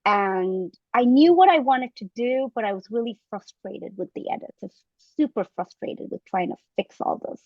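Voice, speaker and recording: A fifty-year-old woman tells her story as a podcast guest, acting out the people she quotes. Her voice sits fairly high. The sound is dry and a little muffled. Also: lively intonation, normal speed, no room sound. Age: 50s. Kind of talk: casual storytelling interview.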